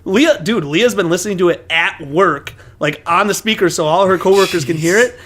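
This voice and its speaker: A young man with a notably high voice chats on a podcast. He is excitable and leans on "dude," and he acts out lines from the movie as he goes. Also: fairly quick. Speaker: podcast co-host. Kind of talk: casual chat.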